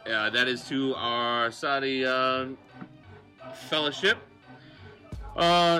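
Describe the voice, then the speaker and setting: A man's voice: mid-range voice, takes it slowly, long pauses, bright, forceful tone, soft background music. A man from Delaware co-hosting a podcast from a bar, rambling and joking in casual chat, swearing freely. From Delaware, USA. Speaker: podcast co-host.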